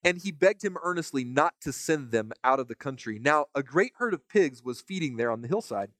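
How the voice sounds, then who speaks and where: A man teaching from the Bible in a relaxed, conversational way, reading passages aloud and stopping to comment on them, often repeating a word as he starts a phrase. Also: medium pitch, a little fast, dry recording. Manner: casual, repeats words when starting phrases; reads scripture aloud between comments. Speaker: preacher.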